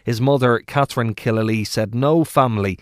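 A man presenting a radio interview, asking questions in a measured, courteous way. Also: mid-range voice, no room sound, clean studio sound.

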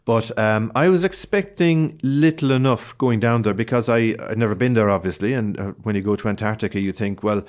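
A man with a low voice and a light lilt tells a travel story in relaxed conversation. He talks with lots of fillers, false starts and growing enthusiasm. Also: fairly quick, hardly any pauses. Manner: animated storyteller with many fillers and restarts. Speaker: guest. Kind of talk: casual chat.

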